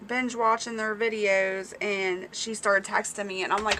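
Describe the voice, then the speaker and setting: A woman chats on a farm livestream in a bright, clear voice at a middling pitch. She is excitable and talkative and reads comments from her viewers aloud as she goes. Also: unhurried, a little hiss or hum. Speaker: small-farm livestream host. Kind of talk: casual livestream chat with viewers.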